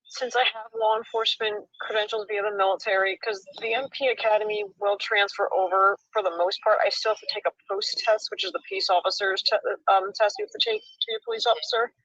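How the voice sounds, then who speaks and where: A woman's voice: mid-range voice, lively intonation, fast, hardly any pauses, fairly bright tone, no room sound, muffled recording. A woman guest on a livestream who explains herself in an emotional, rambling way with a pleading edge. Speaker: livestream guest, volunteer dog handler.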